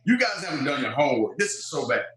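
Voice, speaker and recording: A former football player in his fifties tells stories in an interview, animatedly acting out the voices of people he quotes. He talks fast in a slightly high voice, with a crowd in the background and a roomy echo on the recording.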